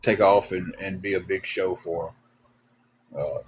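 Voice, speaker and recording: A man chatting on a livestream, his voice sitting on the low side. He rambles through folksy stories with plenty of "uh" and "um". His delivery is relaxed and a bit weary. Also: breathy edge. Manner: rambling, folksy, lots of fillers; drawn-out, tired. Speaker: livestream co-host. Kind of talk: casual livestream chat, storytelling.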